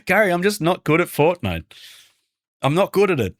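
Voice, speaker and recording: An Australian man from Brisbane, a variety streamer and game developer, chatting casually with his viewers and greeting them by name. He often keeps his voice hushed so the game won't hear him. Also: high voice, sing-song, a little slow, dry recording. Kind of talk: casual livestream chat with viewers.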